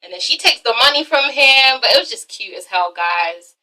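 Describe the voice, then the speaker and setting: A woman recapping a TV episode in a casual vlog, excitable and profane, acting out the characters in quick asides. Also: on the high side, rough recording. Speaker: TV episode reviewer.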